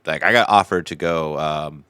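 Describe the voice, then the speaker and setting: Man, host, very deep voice, bright forceful tone, dry sound, earnest and reassuring. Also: moderate pace, smooth, dry recording. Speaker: host, navy sailor. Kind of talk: casual interview.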